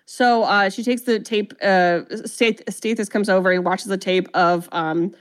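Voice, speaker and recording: A woman's voice: mid-range voice, steady tone, measured pace. A woman co-hosting a podcast, animatedly retelling a film's plot and acting out the characters' lines in casual chat. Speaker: podcast co-host. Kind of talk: casual movie recap chat.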